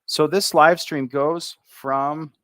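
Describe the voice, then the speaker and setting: An American man teaching English pronunciation on a livestream, drawing out syllables slowly and thinking aloud as he writes. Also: a little high, fairly even intonation, a bit bright, no room sound. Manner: slow, drawn-out enunciation of syllables; chatty, thinks aloud while writing. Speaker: English tutor.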